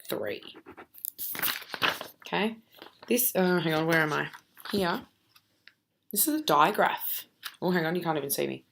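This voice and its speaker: A woman's voice: low-pitched, big pitch swings, gravelly, pushed and bright, slight background noise. Patient woman sounding out phonics. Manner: patient, sounds out letters slowly, keeps checking with "okay?". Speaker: primary school teacher. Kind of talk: recorded phonics lesson for children.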